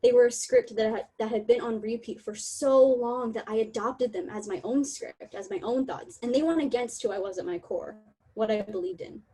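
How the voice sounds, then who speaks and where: A young woman giving a candid, emotional online talk over a video call, laughing often and apologizing in quick asides. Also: a little high, mellow, breathy edge, rough recording. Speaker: talk presenter.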